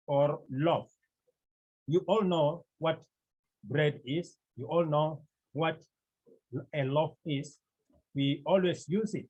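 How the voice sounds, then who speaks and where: A teacher gives a classroom lesson at a very slow, deliberate pace. The voice is husky, and each word is repeated several times so it sinks in. The recording sounds dull and lo-fi. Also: mid-range voice, darkish tone. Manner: patient step-by-step explaining. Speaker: Greek language teacher.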